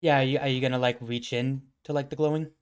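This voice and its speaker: A man's voice: mid-range voice, fairly even intonation, quick pace, clean tone. A man narrating as game master in a tabletop game, casual and laughing often, with many fillers.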